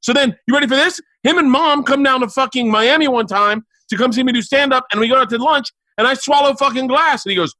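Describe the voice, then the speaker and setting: A comedian telling rapid, profane family stories on a podcast and acting out his relatives' voices. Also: very high voice, sharp tone, dry recording. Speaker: comedian guest. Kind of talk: animated storytelling on a podcast. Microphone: remote call mic.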